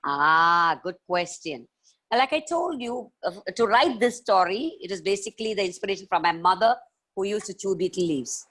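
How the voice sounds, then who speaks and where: A woman tells stories to schoolchildren over a video call. She is lively and playful, breaking into chants, animal noises and laughter. Her delivery is expressive and engaging. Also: mid-range voice, moderate pace. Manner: animated, playful, makes sound effects. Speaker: children's storyteller and author. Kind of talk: live storytelling session for children.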